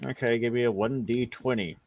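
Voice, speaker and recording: A man's voice: mid-range voice, steady tone, fairly quick, darkish tone. A man narrating a tabletop game as game master, often stumbling and repeating words.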